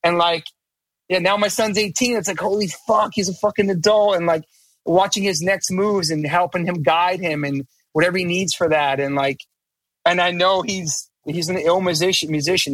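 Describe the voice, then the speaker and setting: A man's voice: high-pitched, brisk, fairly bright tone, no echo. A middle-aged man talking as a podcast guest in casual chat, emphatic, profane and rambling, restarting his sentences.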